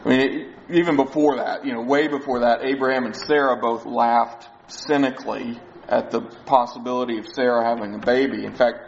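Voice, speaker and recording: A man's voice: medium pitch, fairly even intonation, a little fast, gravelly, few pauses, lo-fi sound, a little hiss or hum. A man preaching a sermon, explaining a Bible passage in a conversational way. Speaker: pastor.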